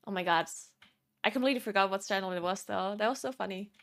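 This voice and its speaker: A woman's voice: medium pitch, quick pace, a bit bright, slight background noise. A woman streamer chatting casually in a rambling way, laughing often.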